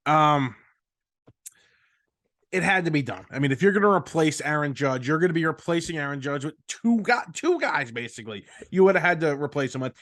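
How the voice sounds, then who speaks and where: A man co-hosting a casual sports talk podcast, laying out his points in a measured way. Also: on the high side, expressive, a bit bright, dry recording.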